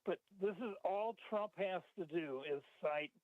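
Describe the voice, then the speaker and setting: A man calling in to a radio show, speaking haltingly with many restarts. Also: sits high, dry recording. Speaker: caller. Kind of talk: call-in talk. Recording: phone line.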